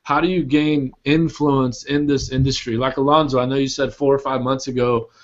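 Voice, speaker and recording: Brief: laid-back male call host, mid-pitched, loose phrasing, dull audio. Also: flat delivery, moderate pace. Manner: casual, rambling questions with many "like" fillers. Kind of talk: casual group call.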